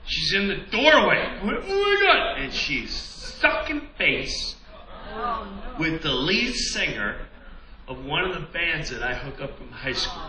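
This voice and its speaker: A man in his forties from Long Island doing stand-up storytelling, animated and bursting into shouted song lines. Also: fairly high pitch, unhurried. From Long Island, New York. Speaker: stand-up comedian. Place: large theater stage. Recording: roomy theater sound from far off over loud crowd. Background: roaring audience laughter.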